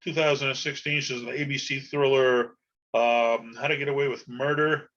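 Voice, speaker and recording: A man's voice: medium pitch, flat delivery, moderate pace, a bit bright, lo-fi sound. A man hosting a podcast on his own, talking in a rambling, folksy way with lots of fillers. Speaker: podcast host. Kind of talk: casual solo podcast monologue.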